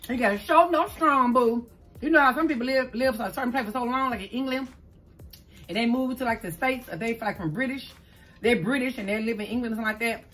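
A middle-aged woman from New Orleans with a Southern accent, chatting fast and stumbling over her words as she tells a story while eating on camera at home. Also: fairly high pitch, a bit bright, faint music behind. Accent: Southern US, New Orleans tinge. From New Orleans, Louisiana. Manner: talks fast, stumbles over words, calls listeners "child". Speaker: mukbang vlogger host. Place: indoors at home, green screen.

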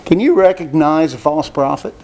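Male preacher, high voice, emphatic sermon delivery with rhetorical questions. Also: lively intonation, moderate pace, a little mellow, a little hiss or hum. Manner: emphatic, asks rhetorical questions, repeats phrases.

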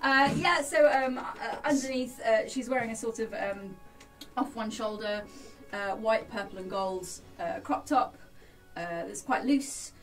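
Female player, flustered and halting in character, a bit high, mic far away. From England. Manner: hesitant, flustered, repeats words. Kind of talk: in-character tabletop role-play. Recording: distant mic with background music.

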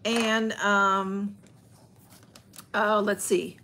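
A woman's voice: medium pitch, level tone, very slow, sharp tone, a little hiss or hum. A woman chatting on a livestream from home, rambling and greeting viewers by name as she reads their comments. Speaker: livestream host. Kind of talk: casual livestream chat.

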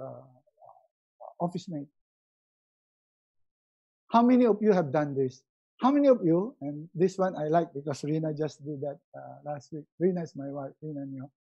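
Man coaching with animated swings. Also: a little high, dull audio. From Philippines. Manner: animated, swings from loud to hushed, repeats words for emphasis. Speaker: resiliency coach. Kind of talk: live webinar talk.

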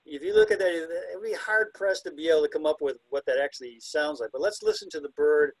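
Talking a little fast in a fairly high voice, he walks listeners through identifying birds by ear in a chatty, self-deprecating way. He now and then imitates calls with whistles and hoots. The recording is rough but free of echo.

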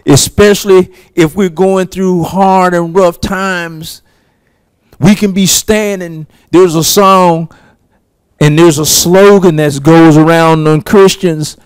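A man preaching a sermon, slow and emphatic, with long pauses between phrases. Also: high voice, steady tone, clean tone, no room sound. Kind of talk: sermon teaching.

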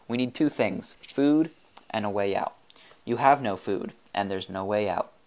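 A mad half-machine sculptor of a man, proud and theatrical, drawing out his words, as a male reader puts him on. The voice sits fairly low. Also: a little mellow. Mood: grandiose. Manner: grandiose, theatrical, slow and drawn out.

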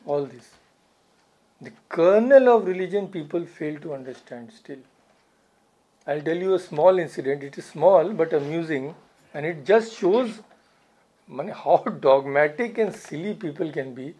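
Earnest monk with a mellow voice. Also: male voice, a little high, a little slow, long pauses. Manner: earnest, repeats phrases for emphasis, occasional soft laughs. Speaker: swami giving a spiritual talk. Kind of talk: spiritual talk. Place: society hall.

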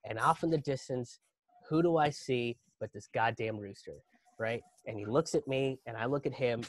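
A young man performing a comic story for an online audience. He talks in a casual, profane way and keeps winding himself up into mock panic. His voice sits at an ordinary middle pitch, recorded close and dry. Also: moderate pace, no room sound. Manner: animated, profane, exaggerated panic. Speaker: comedian and storyteller. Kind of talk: live virtual comedy storytelling.

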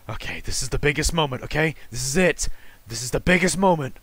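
A man's voice: mid-range voice, animated, a little fast, gravelly, fairly bright tone, husky. A young man commenting on a horror game as he plays, jumpy and exclaiming, talking back at the game. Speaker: let's play gamer. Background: game music.

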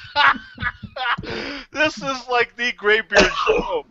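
A man hosting a casual podcast chat, excitable and laughing often. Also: very high-pitched, slow, vocal fry. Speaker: podcast host. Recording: lo-fi online call audio.

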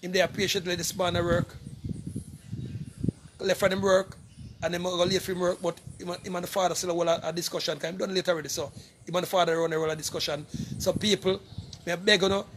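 A man's voice: high voice, little pitch movement, fairly quick, a bit bright, slight background noise. A middle-aged Jamaican man speaking casually to camera, making an emphatic, repetitive appeal and calling out to people again and again. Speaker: vlogger appealing for donations.

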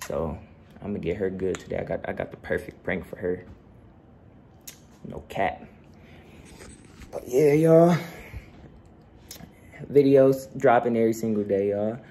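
A man's voice: on the low side, fairly even intonation, normal speed, vocal fry, mellow, a little hiss or hum. A young man and father chatting casually to his viewers in a laid-back, slangy way from home. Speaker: vlogger and father. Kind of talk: casual vlog chat.

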